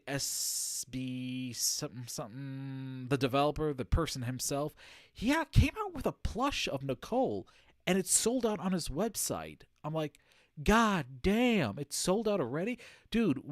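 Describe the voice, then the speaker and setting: A man's voice: mid-range voice, no room sound, clean studio sound. A man streaming a game live, commenting in a rambling, jokey way.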